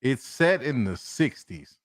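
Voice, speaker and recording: A man co-hosting a casual podcast chat, animated, laughing often and repeating himself for emphasis. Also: medium pitch, takes it slowly. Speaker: co-host.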